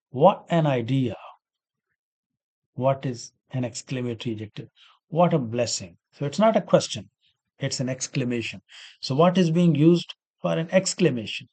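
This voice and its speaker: A man's voice: medium pitch, warm tone. A man lecturing on grammar, working through example sentences and asking himself questions before answering them. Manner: repeats key words and asks himself questions. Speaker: English grammar teacher. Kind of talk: explaining grammar examples step by step.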